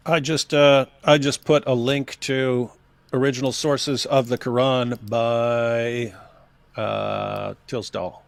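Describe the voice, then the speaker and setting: A man's voice: mid-range voice, level tone, slow pace, gravelly, dry recording. A man co-hosting a livestream, talking casually in a joking, loose way with frequent fillers. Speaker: co-host of a livestream show.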